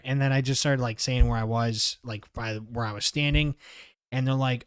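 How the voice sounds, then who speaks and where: A man's voice: mid-range voice, moderate pace, smooth, no echo, clean studio sound. A young man co-hosting a podcast, telling a story in casual, profane chat and acting out the other people's lines. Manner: animated storyteller, swears a lot, acts out voices of others. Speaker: podcast co-host.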